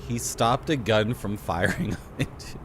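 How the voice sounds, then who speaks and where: A man giving live commentary while playing a video game, chatty and quick to laugh, with sudden excited outbursts. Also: fairly low pitch, slight background noise. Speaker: game streamer. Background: game music.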